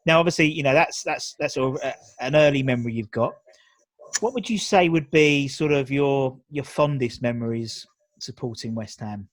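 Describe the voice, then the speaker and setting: A man's voice: mid-range voice, moderate pace, no room sound. Chatty London man hosting an interview. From England. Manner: chatty, rambling with fillers. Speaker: podcast host. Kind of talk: casual video interview.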